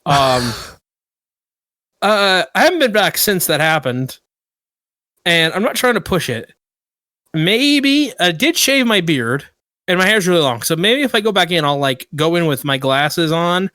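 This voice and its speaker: A man's voice: a little high, unhurried, long pauses, no room sound. A man co-hosting a podcast, telling a story in casual chat and getting worked up and indignant. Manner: animated storyteller who gets worked up and indignant. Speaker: podcast co-host.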